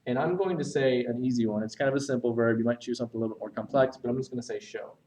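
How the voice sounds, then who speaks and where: A man teaching essay structure, talking while he writes on a board and pausing to correct himself. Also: medium pitch, darkish tone, distant mic, slight background noise, rough recording. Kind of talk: recorded writing lesson.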